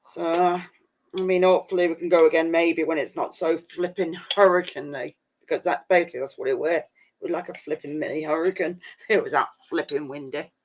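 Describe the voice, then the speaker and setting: A man's voice: fairly high pitch, fairly even intonation, a little fast. A man chatting casually on a live stream, rambling and saying "flipping" a lot.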